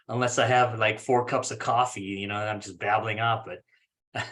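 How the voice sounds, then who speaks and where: A man with a slightly bright, mid-range voice lays out a course plan over a video call for an online speaking club. He keeps it casual and pokes fun at himself, voicing his examples as different characters.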